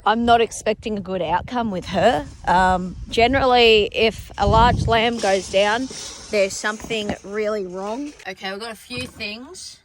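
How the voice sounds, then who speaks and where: A woman's voice: mid-range voice, unhurried, background noise. A woman with an Australian accent, a farmer vlogging outdoors on her sheep farm into a phone, talking bluntly with lots of swearing and sarcasm. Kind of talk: casual vlog chat.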